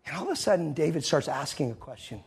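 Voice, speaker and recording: A male pastor preaching a sermon, telling a story with animated energy and acting out the scenes. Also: on the high side, fast, creaky.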